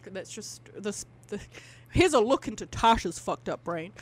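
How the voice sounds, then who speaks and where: A woman's voice: medium pitch, expressive, normal speed, husky. A woman co-hosting a casual podcast, rambling, swearing freely and using lots of fillers. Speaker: podcast co-host.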